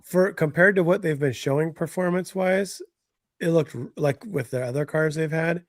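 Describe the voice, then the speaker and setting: A man co-hosting a live hobby stream, chatting casually and often trailing off quietly. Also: on the high side, normal speed, no echo, studio quality. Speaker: co-host of a hobby talk stream. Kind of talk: casual chat.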